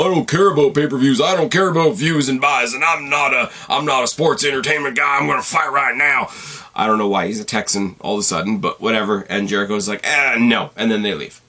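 A man's voice: mid-range voice, a bit bright. A man from Canada giving a casual solo recap of a wrestling show, sarcastic and profane, with dry throwaway asides.

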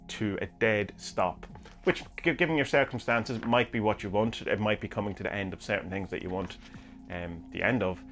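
A podcast host with a somewhat low, slightly bright voice muses aloud through listener questions in a casual chat about reading omens from books. He rambles and hesitates often.

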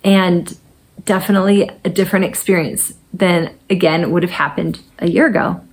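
A woman in her forties shares a personal story in a candid, conversational way. Her voice sits a little low, and she keeps it relaxed and natural, with easy fillers. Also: moderate pace. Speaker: mental fitness coach. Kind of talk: personal testimonial talk.

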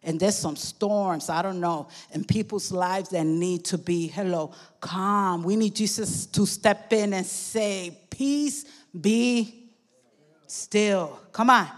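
A woman preaching a sermon with fervor, often calling out to her congregation and at times shouting. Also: fairly low pitch, fairly even intonation, unhurried, hardly any pauses. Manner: fervent, calls out "come on" and "amen" to the congregation, sometimes shouting.

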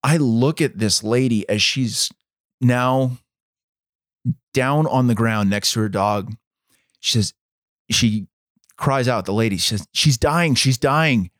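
A man co-hosting a podcast, telling a story in a measured, dramatic way. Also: mid-range voice, no echo, clean studio sound. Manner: measured, dramatic storytelling, acts out quoted voices. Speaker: podcast co-host. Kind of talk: storytelling in casual chat.

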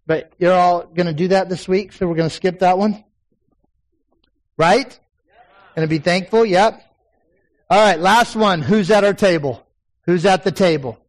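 The pastor here is a high-pitched man in his forties preaching before his congregation in the sanctuary. He mixes folksy personal tales with emphatic climaxes, and the audio is poor.

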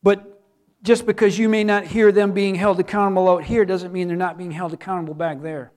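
A man's voice: high voice, level tone, brisk, darkish tone. A man who is a pastor, preaching a sermon earnestly and repeating words for emphasis.

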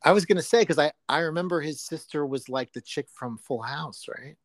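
A man co-hosting a casual podcast chat, animated and laughing, acting out quotes in a raised voice. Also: a little high, a little fast, no echo. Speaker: podcast co-host.

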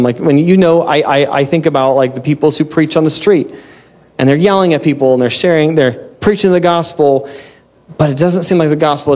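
A man's voice: mid-range voice, a little mellow. A man preaching a casual, conversational sermon, chatty and self-interrupting, laughing often as he talks. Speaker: pastor.

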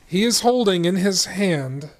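A man's voice: sits high, expressive, a little slow. A man co-hosting a casual chat, profane and given to mock-outraged rants. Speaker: podcast co-host.

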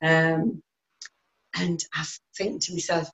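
A woman's voice: low voice, fairly even intonation, a little slow, gravelly, fairly bright tone. Older North East English woman, earnest. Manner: plain-spoken, earnest, hesitant with many ums. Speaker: interviewee. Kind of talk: personal recollection. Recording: roomy, slightly dull recording.

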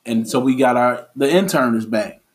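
A man hosting a podcast in casual chat, talking in a relaxed, drawn-out way with many fillers and restarts. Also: medium pitch. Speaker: podcast host.

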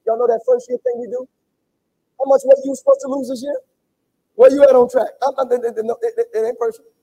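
A man preaching a sermon to his congregation, repeating phrases and swinging between loud calls and hushed asides. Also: extremely high pitch, creaky, breathy edge, rough recording. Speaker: pastor. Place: church sanctuary.

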